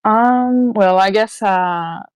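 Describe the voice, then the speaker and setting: A woman's voice: medium pitch, takes it slowly, clean tone, no room sound. A woman from Quebec with a French-Canadian accent, a native French speaker co-hosting a podcast in English. She speaks hesitantly, searches for words and laughs often. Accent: Québécois French. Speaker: podcast co-host. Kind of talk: casual podcast chat.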